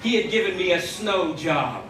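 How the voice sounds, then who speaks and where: This man's high-pitched, animated voice moves at a moderate pace as he spins a pun-laden story during his magic act. Playing to the crowd as a wry stage magician, he's heard through a distant microphone in a reverberant live theater, with the audience audible.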